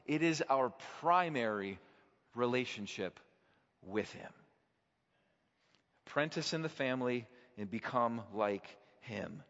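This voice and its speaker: A man's voice: medium pitch, animated, slow, long pauses, a bit bright. Man preaching in a reverberant hall. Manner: storytelling, builds to fervent, passionate peaks. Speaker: pastor. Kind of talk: sermon. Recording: dull sound in a hall with long reverb.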